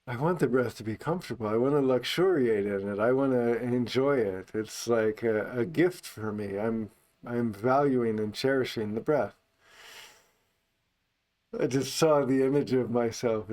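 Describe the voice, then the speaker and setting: A man teaching meditation in an unscripted talk, speaking calmly and unhurriedly, only on the out-breath. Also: mid-range voice, moderate pace.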